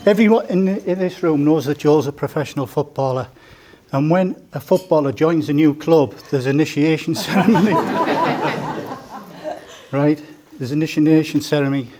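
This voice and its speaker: A man's voice: fairly high pitch, normal speed, mellow, a little hiss or hum. A man, giving a joking, story-filled father of the bride speech at a wedding reception. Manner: joking, storytelling, teasing the groom. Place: indoor wedding reception room.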